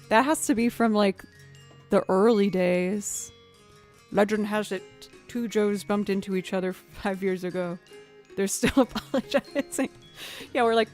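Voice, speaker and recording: A woman musician chatting casually with her stream viewers, self-deprecating and laughing often, her pitch jumping up when she is surprised. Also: fairly even intonation, normal speed, vocal fry, a little mellow. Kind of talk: casual live-stream chat. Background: faint music.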